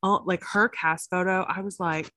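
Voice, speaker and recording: A woman podcast co-host in casual chat, talking fast with swearing and animated asides. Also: lowish voice, dry recording. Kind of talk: casual chat about reality TV.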